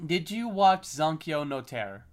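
A man's voice: fairly high pitch, big pitch swings, unhurried. A young man chatting casually with friends, rambling with many fillers. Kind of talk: casual podcast chat.

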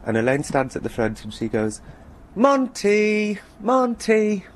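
Deadpan man telling a wry story. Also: fairly low pitch, fast talker, very noisy. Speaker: presenter. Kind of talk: wry first-person radio essay.

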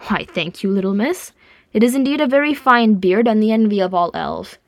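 A woman's voice: mid-range voice, a little fast, no room sound, close to an everyday voice. Woman doing a jovial male dwarf, blunt, teasing, storybook, dry sound. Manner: hearty, teasing, playful. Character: hearty, blunt male dwarf warrior, gruff humor.

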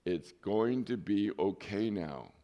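A preacher doing a quiet, patient dad. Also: male voice, slow, dull audio. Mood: calm, soothing. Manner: calm, quiet and low-voiced. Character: patient young father soothing himself.

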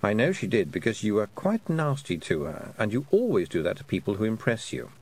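A man's voice: on the low side, big pitch swings, a little fast, darkish tone. A man voicing a sarcastic male talking toad in an audiobook, dry and knowing. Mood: wry. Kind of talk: audiobook character voice.

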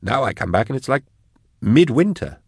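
A man's voice: medium pitch, very animated, moderate pace, creaky, husky, no echo, clean studio sound, pitched above the performer's own voice, heavily acted. A man narrating an audiobook, voicing a nervous male scholar who keeps asking anxious questions in a lifted tone. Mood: uneasy.

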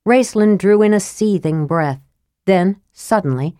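A woman narrating an audiobook in a steady, measured reading style. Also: medium pitch, clean tone, no room sound, studio quality.

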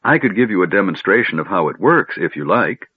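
A man voicing a curious, cheeky male kender who talks in a bright, chatty, inquisitive way, recorded on a narrow phone-like line. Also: low-pitched, sing-song, brisk, breathy edge, no echo, full character voice.

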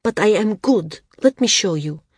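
Woman doing an eager young male singer, raised pitch. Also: expressive, moderate pace, breathy edge, no echo, clean studio sound. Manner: earnest, eager, stubborn.

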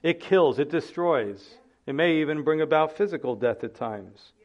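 A man's voice: a little high, expressive, normal speed, lo-fi sound. A man preaching a sermon as pastor, earnest, acting out the people in the text.

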